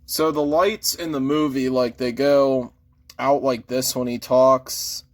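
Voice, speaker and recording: A man's voice: medium pitch, steady tone, slow pace. A man casually reviewing a toy figure in an easygoing, mild way, shrugging off small flaws. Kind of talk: casual chat.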